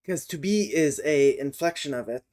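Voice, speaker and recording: This streamer's voice is low-pitched, expressive and somewhat dark as she works on an invented language during a relaxed livestream. She goes slowly, murmuring to herself while typing and looking things up, over the sound of a clicking keyboard.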